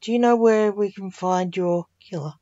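A woman's voice: medium pitch, normal speed, warm tone, dry recording, highs cut off, natural voice. A woman voicing Blake, a male detective and father, in an earnest, slightly raised voice while reading a story aloud. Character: male detective with seeing powers, calm father.

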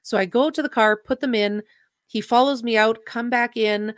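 A woman's voice: a little high, moderate pace, no echo, studio quality. A young adult woman, a podcast guest, earnestly and emotionally retelling a personal story with quoted dialogue.

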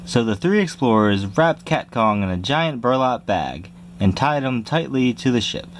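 Animated man reading a storybook. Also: moderate pace, slight background noise. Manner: lively storytelling, jumps high for squeaky mouse cries. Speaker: reader. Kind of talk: reading a children's picture book aloud.

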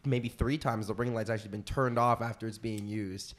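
Fast-talking young man griping. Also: fairly low pitch, fairly even intonation. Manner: complaining, fast, blunt. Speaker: podcast co-host. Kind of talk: casual chat.

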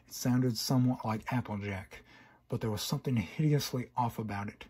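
A man reads a horror story in second person, stumbling and restarting now and then. His voice is very husky and mid-pitched. It is an amateur reading. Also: normal speed, a little mellow. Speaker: narrator. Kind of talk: horror fan-fiction reading.

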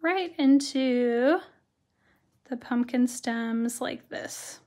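Hoarse woman teaching a slow craft demo. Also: on the high side, darkish tone. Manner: chatty, greets viewers by name. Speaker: watercolor instructor. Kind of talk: live-stream craft tutorial.

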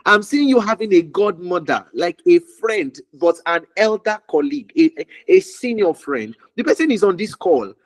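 A man's voice: high-pitched, big pitch swings, normal speed, few pauses, dry recording, rough recording. A man ministering prophetically over a call, declaring fervently with much repetition and sometimes dropping to a whisper.

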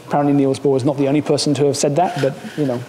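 A man's voice: mid-range voice, level tone, rapid-fire, warm tone, slight background noise. Casual male scientist in a lecture hall. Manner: casual, joking, many fillers and restarts. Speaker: seminar speaker. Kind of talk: academic seminar talk.

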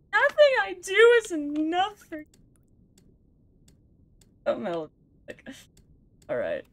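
A woman's voice: extremely high pitch, sharp tone. A woman giving casual, self-mocking commentary as she plays a video game, talking to herself, laughing and groaning at the game. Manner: exasperated sighs and outbursts at the game. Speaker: let's play gamer.

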